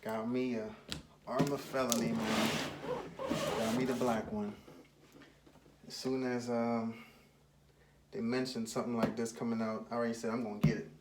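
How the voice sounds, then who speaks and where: A man, excitedly chatting through an unboxing video while slightly out of breath. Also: medium pitch, moderate pace, long pauses, background noise. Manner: excitable, chatty, says "man" and "y'all" a lot. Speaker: RC car channel host. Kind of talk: casual unboxing vlog.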